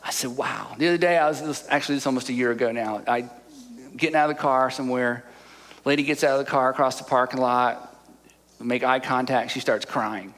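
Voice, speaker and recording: A man's voice: medium pitch, steady tone, fairly quick, a bit bright, a little hiss or hum. A middle-aged male pastor giving a heartfelt sermon, telling stories with earnest repetition and growing emotional at moments. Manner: earnest, storytelling, repeats "I'm telling you". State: emotional, choked up at times.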